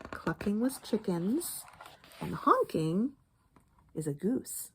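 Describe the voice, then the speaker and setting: Animated woman reading a picture book aloud. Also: mid-range voice, slight background noise. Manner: pauses to comment and ask listeners questions.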